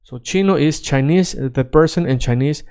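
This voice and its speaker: A smooth-voiced man who speaks Spanish as his first language teaches a casual explainer lesson, often checking in with "right?" and "okay?" while moving between Spanish examples and English glosses. His voice is on the high side, moderately paced, with a darkish tone.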